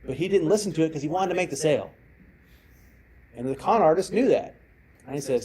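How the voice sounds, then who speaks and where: A man's voice: a little high, animated, brisk, pauses often, warm tone, husky, low-quality recording. A middle-aged man giving a conference talk on security, telling stories and acting out the people in them. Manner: storytelling, acts out quoted voices. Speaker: cybersecurity speaker. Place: presentation room.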